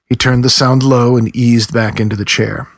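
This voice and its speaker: A man reads a novel aloud in a measured storytelling voice with a husky, slightly breathy edge. His pitch sits in an ordinary middle range. He is recorded close and dry, with no room sound around him. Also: little pitch movement, no echo. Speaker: audiobook narrator. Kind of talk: scripted narration.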